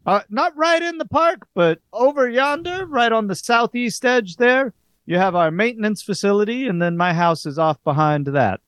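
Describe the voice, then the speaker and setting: A man's voice: sits high, expressive, moderate pace, fairly bright tone, clean tone, dry recording, clean studio sound, pitched above the performer's own voice. A man voicing a gregarious, folksy park host who speaks in a genial frontier drawl.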